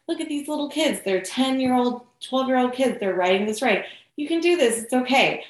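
A woman's voice: sits high, animated, moderate pace, pitched above the performer's own voice. A cheerful, encouraging young boyfriend, as a woman quotes him, coaxing in a slightly raised voice. He talks in a casual, friendly way. The sound carries a roomy echo.

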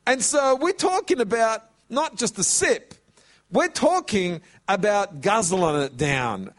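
A man preaching a sermon, telling a story and stretching out words for emphasis. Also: high-pitched. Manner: animated, drawn-out emphasis.

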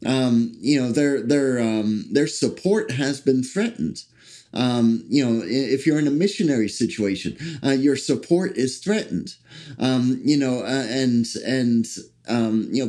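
A man preaching a sermon, speaking haltingly with many fillers and restarts and slowing down to read scripture aloud. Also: mid-range voice, dark tone.

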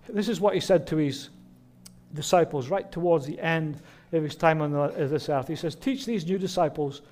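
Earnest man preaching a sermon. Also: fairly high pitch. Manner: earnest, warm preaching with rhetorical questions. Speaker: pastor. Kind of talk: Christmas sermon.

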